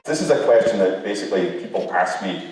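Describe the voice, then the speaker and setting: A middle-aged man giving a lecture, telling humorous anecdotes in an animated way. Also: fairly low pitch, fast talker, faint music behind. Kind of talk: lecture with storytelling. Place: lecture hall. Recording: echoey hall, recorded from far off.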